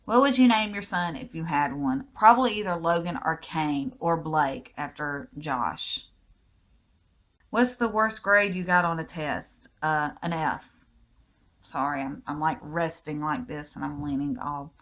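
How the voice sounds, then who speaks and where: A Southern American woman with a fairly low voice chats through a personal question list in a home vlog. Her answers ramble easily and are full of little ums. It sounds relaxed and unscripted. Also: measured pace. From United States. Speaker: vlogger. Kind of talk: casual Q&A vlog.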